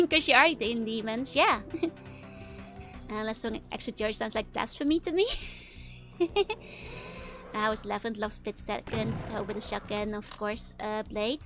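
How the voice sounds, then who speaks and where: A woman's voice: on the high side, a bit bright. A young woman from the Netherlands with a Dutch accent, chatting casually while streaming a game, laughing often and filling her talk with "like". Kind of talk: casual gaming livestream chat. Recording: game music playing behind.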